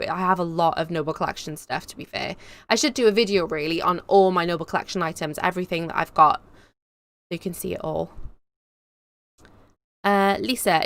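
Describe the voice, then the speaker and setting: A woman's voice: fairly low pitch, a bit bright. A young woman with a Cardiff Welsh accent, chatting casually and reading out comments on a live stream. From Wales. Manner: chatty, rambling, laughs often. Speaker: YouTube host reading live chat.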